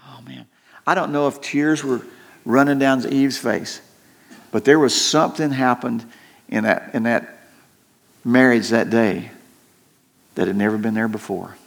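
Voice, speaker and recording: An older man preaching a sermon in an earnest tone, repeating words and slowing down to stress his points. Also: mid-range voice, gravelly. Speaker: pastor.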